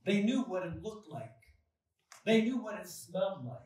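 A male pastor preaching a sermon, slow and deliberate, with dramatic pauses and swells of emphasis. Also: high-pitched, big pitch swings, darkish tone. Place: church sanctuary. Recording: echoey church hall from far off.

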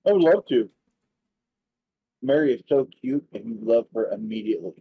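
A man's voice: medium pitch, expressive, normal speed, long pauses, breathy edge, no echo. A man co-hosting a casual gaming session, reading a text adventure aloud with crude jokes and laughter. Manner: laughs mid-sentence, crude and joking. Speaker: co-host playing a text adventure. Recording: dull lo-fi dry mic.

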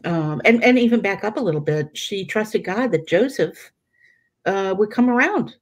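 A middle-aged Catholic teacher leads a prayer study in a mid-range voice, speaking at a normal pace with lots of animation. Her informal religious teaching is conversational, full of fillers and restarts, and she acts out the voices she quotes.

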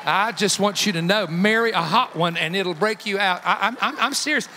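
A man in his fifties, a guest evangelist preaching a sermon with folksy, joking personal stories that build to loud emphatic peaks. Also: high voice, moderate pace, a little hiss or hum. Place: church sanctuary. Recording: long hall reverb in a church.

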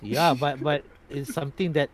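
A man's voice: fairly high pitch, moderate pace. A man running a tabletop role-playing game as game master, voicing characters and stumbling over his words with frequent restarts. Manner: stammering, lots of restarts and laughs.

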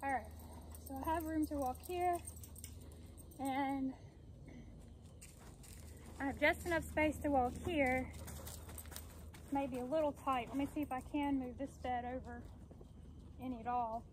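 High-pitched lady talking through her garden chores outside, a bit of outdoor hiss. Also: steady tone, unhurried, long pauses, low-quality recording. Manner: chatty, explains each step while digging. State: out of breath at times. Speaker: gardening vlogger. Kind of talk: casual talk to camera while working.

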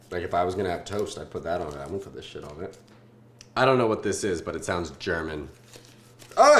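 A man in his twenties from Southern California hosting a casual food-tasting vlog, joking and swearing in deadpan asides. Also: low-pitched, roomy sound, a little hiss or hum. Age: 20s.

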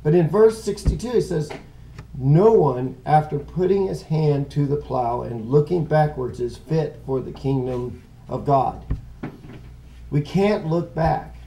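A man's voice: on the high side, measured pace, creaky, warm tone, a little hiss or hum, poor audio. A middle-aged man teaching a casual Bible lesson, rambling and conversational, often stopping to correct himself.

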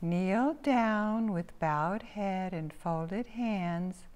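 A woman voicing a little girl hippo who reads aloud carefully and deliberately. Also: medium pitch, a little mellow, clean tone, voice pushed up. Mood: reading.

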